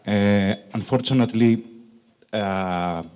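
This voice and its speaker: A man's voice: fairly low pitch, darkish tone, clear, resonant tone. Greek man with Italian-tinged English. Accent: Greek with Italian influence. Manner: jokey, slow emphatic asides, frequent uh fillers. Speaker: conference speaker, country manager. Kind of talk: conference presentation.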